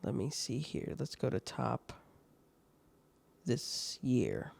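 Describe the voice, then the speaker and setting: A man's voice: mid-range voice, huge pitch swings, slow, creaky, darkish tone, husky. A man hosting a podcast, reading online stories aloud with laughing, swearing, mocking asides. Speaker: podcast host.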